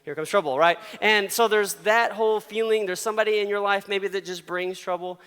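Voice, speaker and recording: A man in his thirties gives a casual sermon, telling stories with frequent laughs and playful voices for the people in them. His voice sits high and comes through clear and smooth. A long reverb trails behind him as in a large hall. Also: steady tone, fairly quick, fairly bright tone. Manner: chatty, laughs often, acts out quotes. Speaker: youth pastor.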